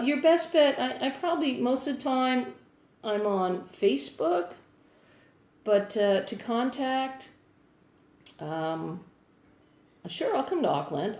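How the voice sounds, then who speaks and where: Live-streaming from her phone, this middle-aged singer-songwriter from New Jersey chats casually with viewers, upbeat and meandering. Her voice sits at a medium pitch with a darkish tone, and the mic picks up a roomy echo.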